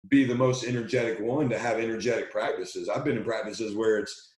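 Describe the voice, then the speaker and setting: Energetic male coach in an echoey room. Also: on the low side. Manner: energetic, talks fast and excitedly, repeats words. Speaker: basketball coach, guest. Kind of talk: podcast conversation.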